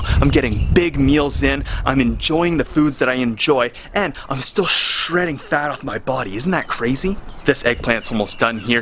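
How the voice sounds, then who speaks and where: A man's voice: medium pitch, fairly bright tone, reverberant, slight background noise. A young man in his twenties chatting casually and upbeat as a fitness vlogger, walking through his apartment. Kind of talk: casual vlog chat. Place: apartment at home.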